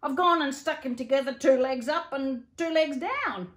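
Aussie lady putting on a daydreamy old bushman, higher and louder, all flustered "oh no" chuckly. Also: moderate pace. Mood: dismayed. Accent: Australian. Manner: exclaiming in dismay, chuckling. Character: dreamy old male bushman, flustered and fond. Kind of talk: storytelling for children.

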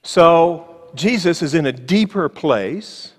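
Male pastor, sermon in a church sanctuary; higher voice, emphatic and slow on key lines, wry asides, long reverb. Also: expressive, slightly rough. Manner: emphatic, slowing on key phrases, with ironic asides.

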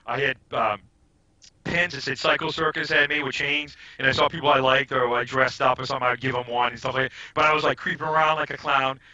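Rambling bright-voiced man telling stories. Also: medium pitch, fast talker. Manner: rambling, animated, trails off and restarts. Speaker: podcast guest. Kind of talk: casual storytelling chat. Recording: dull lo-fi audio.

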